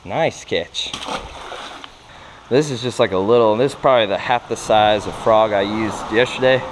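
A man, filming himself fishing for bass and exclaiming at each catch. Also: normal speed. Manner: excitable, exclaims often, laughs a lot. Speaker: fishing vlogger. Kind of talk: excited outdoor commentary. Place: outdoors by a creek under a bridge. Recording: noisy outdoor camera audio.

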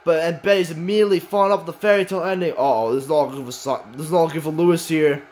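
A man giving excited play-by-play commentary on a wrestling match, swinging from calm description to shouting. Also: a little high, quick pace.

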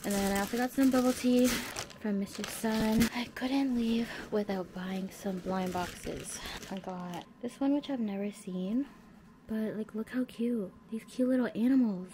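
A woman chatting casually through a home vlog, now and then dropping into a soft whisper. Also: on the high side, unhurried, noisy background. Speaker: vlogger.

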